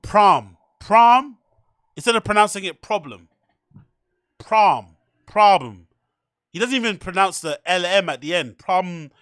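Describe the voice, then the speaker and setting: High-voiced man mocking clips. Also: animated, a little fast, fairly bright tone, dry recording, studio quality. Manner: swears often, laughs a lot, incredulous mocking. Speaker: podcast host. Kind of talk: casual livestream commentary reacting to clips.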